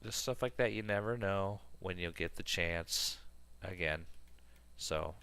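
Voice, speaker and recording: A man's voice: low voice, unhurried, bright, forceful tone, clean tone. A man in his thirties streaming a game, chatting casually in a rambling way full of fillers. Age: 30s. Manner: rambling, filler-heavy storytelling. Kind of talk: casual gaming stream chat.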